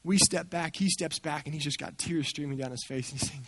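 A man speaking at a church gathering, telling a story in an animated way and acting out the people he quotes. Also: on the high side, fairly quick. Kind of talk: storytelling talk.

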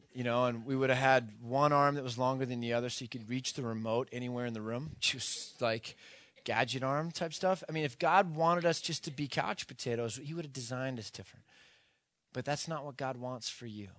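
Middle-aged pastor man preaching casual, cracks jokes, lots of um's, gets worked up telling a story, mid pitch, dry sound. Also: fairly bright tone, no echo. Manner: casual, joking asides, fillers, builds to emphatic storytelling. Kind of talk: conversational sermon.

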